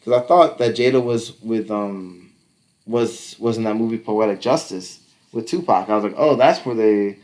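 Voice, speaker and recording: A man's voice: fairly low pitch, normal speed, a little mellow. Loose, profane man chatting on a podcast. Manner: loose and profane, acting out quoted voices, trailing fillers. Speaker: podcast co-host. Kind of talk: casual podcast chat.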